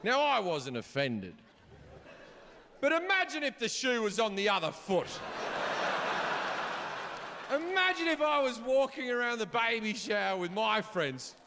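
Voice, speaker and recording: Brash, profane middle-aged comedian. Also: male voice, very high voice, very animated, measured pace, long pauses. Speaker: stand-up comedian. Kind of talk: stand-up comedy set. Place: comedy stage before a live audience. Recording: live hall reverb, audience noise.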